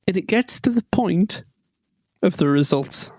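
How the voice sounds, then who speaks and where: A man's voice: high-pitched, expressive, a little slow, a little mellow, no room sound, studio quality. A man co-hosting a podcast and telling a rambling, self-deprecating story with lots of ums. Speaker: podcast co-host. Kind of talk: casual chat, storytelling.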